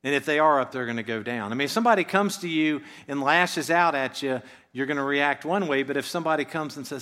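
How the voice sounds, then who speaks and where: A pastor preaching a sermon in a church, talking conversationally, often letting his voice fall quiet at the ends of phrases and asking rhetorical questions. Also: mid-range voice, fast talker, hardly any pauses.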